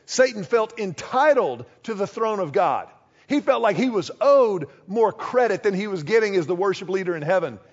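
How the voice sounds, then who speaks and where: A man preaching a sermon, lively and conversational, acting out short quoted exchanges as he goes. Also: high voice, normal speed, dull audio. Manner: animated, acts out little quoted exchanges. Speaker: pastor.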